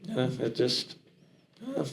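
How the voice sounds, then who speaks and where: A middle-aged American man with a trace of a Southern accent, telling stories in an animated, rambling way and often restarting his sentences. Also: measured pace, roomy sound. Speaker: charity founder and auctioneer. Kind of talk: casual interview talk.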